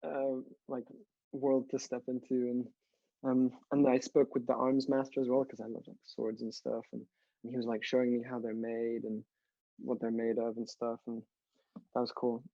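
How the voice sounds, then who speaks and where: Young male guest from France, mellow dry voice, eager and chatty, slightly dull audio. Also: mid-range voice, little pitch movement, normal speed, vocal fry, no echo. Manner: chatty, enthusiastic, many fillers. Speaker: actor guest. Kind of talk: casual interview chat.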